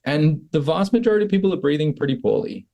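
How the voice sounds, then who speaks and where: A man's voice: a little high, fast talker, vocal fry. An Australian man speaks as an easygoing podcast guest. His talk is loose and conversational, full of little fillers. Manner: relaxed, conversational, many "like" and "kind of". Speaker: podcast guest, breathwork coach. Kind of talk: casual interview talk.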